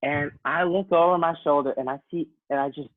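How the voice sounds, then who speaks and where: A man in casual chat, telling an anecdote in an animated way, swearing and acting out quotes. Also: on the high side, a little fast, no echo, phone-quality sound.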